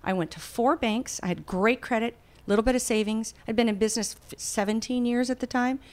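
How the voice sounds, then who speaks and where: Animated woman telling her story. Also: on the high side, fairly quick. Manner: animated, acts out quoted voices. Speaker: guest, bakery founder. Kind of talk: casual interview storytelling.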